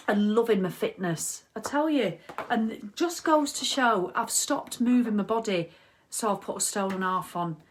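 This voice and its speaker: A middle-aged woman chatting casually on a live video as a wellness coach, reading out viewer comments. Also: fairly high pitch. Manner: chatty, animated, reads viewer comments aloud. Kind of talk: casual live-stream chat.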